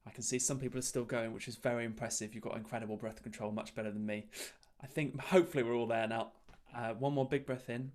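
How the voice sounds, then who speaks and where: A man leading a choir's breathing warm-up over a video call, giving calm, encouraging step-by-step instructions. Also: mid-range voice, fast talker, few pauses. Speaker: choir leader.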